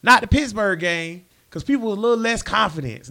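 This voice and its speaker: A man co-hosting a sports podcast, speaking. His voice sits a little high. He tells stories in a relaxed, chatty way with easy filler words. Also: brisk, creaky. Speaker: podcast co-host. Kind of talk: casual sports podcast banter.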